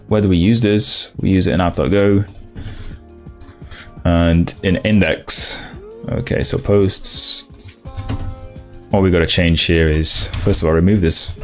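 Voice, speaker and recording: A young man streaming his coding session, thinking aloud in halting restarts and chatting with viewers. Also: low voice, faint music behind. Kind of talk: casual live-coding stream.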